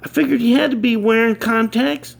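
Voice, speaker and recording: A man's voice: extremely high pitch, fairly even intonation, a little fast, gravelly, voice pushed up, exaggerated voice. A man voicing a plain-spoken young male job applicant who answers bluntly.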